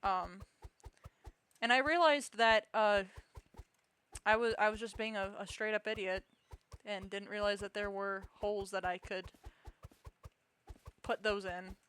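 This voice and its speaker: A young woman chats to her stream audience while she plays, telling a long story at an easy middle pitch. She rambles, restarts her sentences and pokes fun at herself. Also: fairly even intonation, unhurried, pauses often, fairly bright tone, smooth. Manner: rambling, self-mocking storytelling with many restarts. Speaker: game streamer. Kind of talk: casual live-stream chat.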